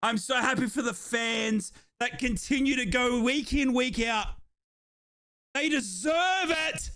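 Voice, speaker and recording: Hoarse, tearful Australian man shouting. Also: very high-pitched, fairly even intonation, normal speed. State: hoarse, crying. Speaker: fan watchalong streamer. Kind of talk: live fan watchalong reaction.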